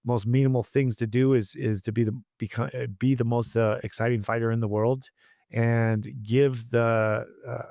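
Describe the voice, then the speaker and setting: A man's voice: medium pitch, level tone, moderate pace, dark tone, no echo, studio quality. A man coaching combat sports, telling stories in a casual interview, blunt and profane with many restarts.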